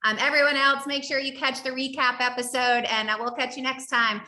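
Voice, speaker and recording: A woman's voice: sits high, level tone, a little fast, sharp tone, echoey room. A woman with a Southern accent hosting a podcast interview, effusive and casual, often saying "y'all". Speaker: podcast host.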